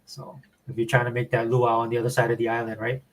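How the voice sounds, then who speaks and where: A man from Hawaii with a Hawaiian accent, chatting casually as a podcast co-host in a relaxed, rambling way. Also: medium pitch, fast, slight background noise, low-quality recording. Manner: laid-back, rambling explanations. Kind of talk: casual chat.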